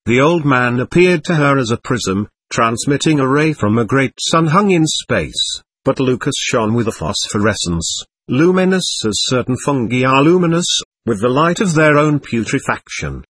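A man narrating a novel in a measured, even reading voice. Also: medium pitch, breathy edge, no echo. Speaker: audiobook narrator. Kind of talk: scripted narration.

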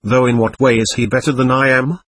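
A man's voice: mid-range voice, flat delivery, fairly quick, husky, no room sound, close to an everyday voice. A man reading the part of a sullen, scornful young male servant who speaks in a curt, resentful way, in an audiobook.

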